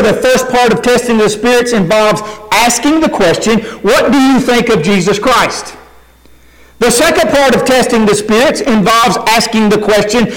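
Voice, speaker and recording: High, lively preacher in echoing hall. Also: male voice. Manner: earnest, emphatic Bible exposition. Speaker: pastor. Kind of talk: sermon. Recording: long hall reverb.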